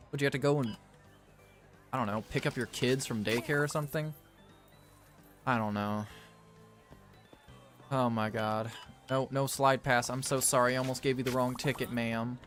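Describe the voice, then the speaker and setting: A man's voice: mid-range voice, moderate pace, long pauses, a bit bright, faint music behind. A man playing a game and commenting as he goes, theatrical and exasperated as he scolds the characters. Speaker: gaming video creator.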